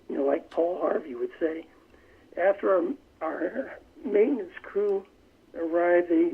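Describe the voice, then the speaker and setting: An older man calling in as a radio guest, recounting a memory in measured storytelling with frequent restarts, heard over a telephone line. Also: sits high, slightly rough. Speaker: phone-in guest. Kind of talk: recounting a war memory in an interview. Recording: tinny phone line on radio.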